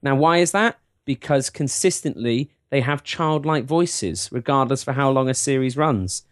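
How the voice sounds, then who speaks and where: A man's voice: medium pitch, normal speed, no echo, clean studio sound. A man co-hosting a casual podcast chat, full of wry, self-pitying banter. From England. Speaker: podcast co-host.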